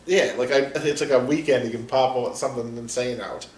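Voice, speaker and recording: A laid-back man guests on a casual movie commentary, tossing out loose asides and laughing easily. His pitch sits in the middle of the range, and he sounds some distance from the mic. The room around him is noticeably echoey. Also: steady tone, a little fast, a little hiss or hum. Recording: roomy echo, distant mic.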